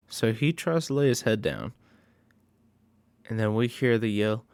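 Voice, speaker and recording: Gravelly, slow-talking man recapping a horror film. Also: on the low side, no room sound, clean studio sound. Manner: profane, excitable storytelling. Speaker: horror movie reviewer. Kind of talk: casual movie recap.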